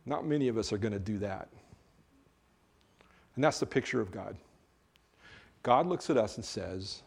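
A man's voice: lowish voice, animated, normal speed, vocal fry, long pauses, a little mellow, breathy edge. A man, a pastor, preaching a sermon in a conversational way, with joking asides between earnest points.

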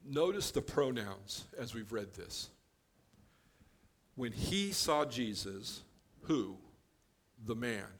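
A man of ordinary pitch walks his listeners through scripture in an easy, conversational teaching voice. He explains each verse plainly and drops in the odd offhand joke. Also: slow, pauses often. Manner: relaxed and explanatory, with offhand joking asides. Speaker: Bible teacher.

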